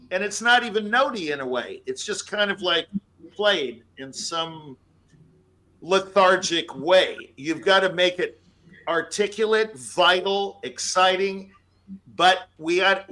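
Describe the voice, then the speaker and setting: Man, pianist on an audition panel, high-ish bright voice, emphatic coaching with scatted melodies. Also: poor audio. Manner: emphatic, scats melodies aloud. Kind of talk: spoken feedback to a performer.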